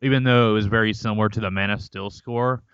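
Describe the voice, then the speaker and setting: A man's voice: fairly low pitch, steady tone, fast talker, fairly bright tone, smooth, no room sound, highs cut off. A man co-hosting a podcast in casual chat, laid-back and sardonic. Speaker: podcast co-host.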